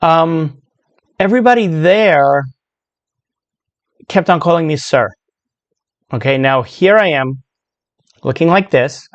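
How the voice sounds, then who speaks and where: A woman in her sixties with a low voice register, telling a personal story in a loose, chatty way full of asides. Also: no room sound, dull audio. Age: 60s. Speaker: speaker sharing a personal story. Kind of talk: casual storytelling monologue.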